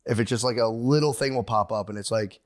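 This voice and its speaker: A man in his thirties co-hosting a podcast, rambling and excitable, acting out quotes as he tells stories. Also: medium pitch, fast. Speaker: podcast co-host. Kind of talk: casual chat. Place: podcast studio.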